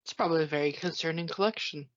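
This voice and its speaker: A woman's voice: deep voice, racing. A woman in her thirties co-hosting a podcast in casual chat, dry, teasing and profane. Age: 30s. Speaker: podcast co-host. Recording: dull lo-fi podcast audio.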